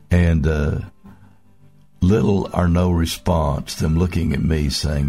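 A man with a very low voice delivers a heartfelt devotional message at an unhurried, drawn-out pace. He speaks earnestly, stopping often on small fillers as he gathers his thoughts, with soft music faintly underneath. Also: fairly even intonation. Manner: earnest, halting, with frequent filler pauses. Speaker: minister.

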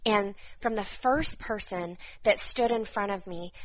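A woman in her thirties speaking fervently as she gives prophetic words to viewers on a live stream, repeating phrases with soft laughs. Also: medium pitch, unhurried, low-quality recording.

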